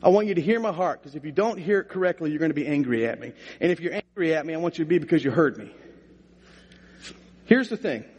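Brief: middle-aged male pastor, high husky voice, humorous folksy sermon delivery. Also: lively intonation, fast talker, darkish tone, highs cut off. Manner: folksy, humorous storytelling, rising to preaching emphasis. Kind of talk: sermon with storytelling. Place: church sanctuary. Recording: long reverb of a church hall.

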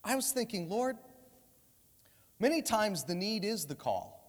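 A man's voice: high-pitched, measured pace. A man preaching a sermon in a church, telling stories and acting out the dialogue in different voices. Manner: animated, acts out dialogue in voices. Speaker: guest preacher. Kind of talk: sermon with storytelling. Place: church sanctuary. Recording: long hall reverb in a church.

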